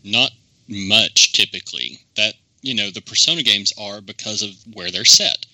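Man, podcast panelist, low pitch, very sharp forceful tone, opinionated, explains at length. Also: normal speed, no room sound, low-quality recording. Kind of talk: casual chat.

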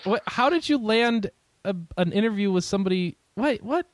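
Incredulous man with higher, lively voice. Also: dry recording. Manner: incredulous, quick interjections. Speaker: podcast co-host. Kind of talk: casual chat.

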